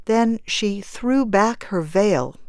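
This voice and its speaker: A woman narrating a story in a measured, even storytelling manner. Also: medium pitch, smooth, dry recording, clean studio sound.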